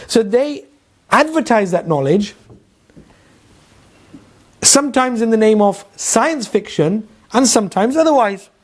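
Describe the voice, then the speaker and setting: Husky London-accented male Quran teacher. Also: high-pitched, darkish tone. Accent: London English. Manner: conversational, questions the audience, storytelling asides. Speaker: Islamic teacher. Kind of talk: Quran lecture to a class.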